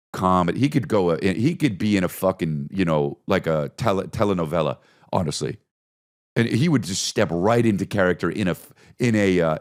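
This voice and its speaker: A man hosting a comedy podcast, telling stories casually with lots of swearing, and jumping in and out of bits and silly voices. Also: sits low. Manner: animated, profane, jumps into bits and voices. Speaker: podcast host.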